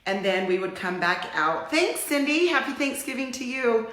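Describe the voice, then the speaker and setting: A middle-aged woman from Utah hosting a casual livestream, chatting in a warm, rambling way and getting teary. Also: on the high side, very animated, normal speed, reverberant. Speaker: livestream host.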